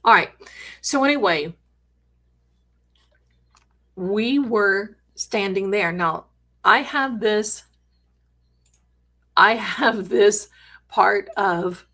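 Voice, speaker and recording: A woman's voice: medium pitch, drawn-out words, long pauses, pushed and bright. A middle-aged woman hosting a live stream, telling a story in a chatty, dramatic way with jokey asides. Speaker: host.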